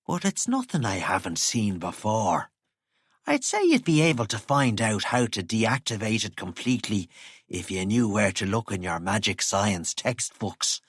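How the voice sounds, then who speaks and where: A man doing a calm, knowing, wry man. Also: lowish voice, breathy edge, no room sound, clean studio sound, full character voice. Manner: measured, wry.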